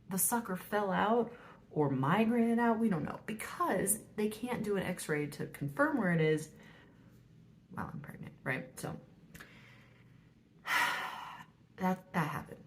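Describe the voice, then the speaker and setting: A woman's voice: mid-range voice, slight background noise. A woman in her thirties telling a personal story in a casual vlog, chatty and full of fillers, often dropping to a whisper when quoting her own thoughts. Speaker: vlogger.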